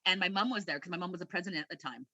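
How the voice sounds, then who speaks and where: Bright-voiced woman telling candid stories. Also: lowish voice, rapid-fire, no room sound, muffled recording. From Canada. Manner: rambling and candid, laughs often, many restarts. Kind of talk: casual personal storytelling.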